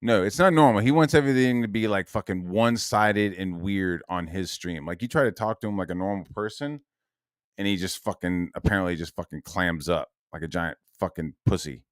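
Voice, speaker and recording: A man's voice: deep voice, brisk, no room sound, studio quality. Heated, profane man ranting. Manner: heated, profane, repeats "right?" and "dude". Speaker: streamer. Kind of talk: angry ranting stream monologue.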